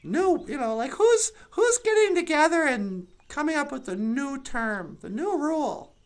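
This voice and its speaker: Sardonic woman comic, high lively voice. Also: a little slow. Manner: sardonic, acts out other people's voices. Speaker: comedian. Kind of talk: stand-up storytelling.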